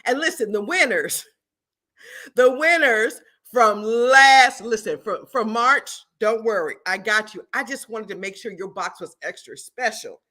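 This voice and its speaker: This fairly high, bright, forceful voice belongs to a middle-aged woman from the Southern US who founded a product and runs a lively livestream. She takes her time, yet she's exuberant, building hype, speaking straight to viewers and repeating lines over and over.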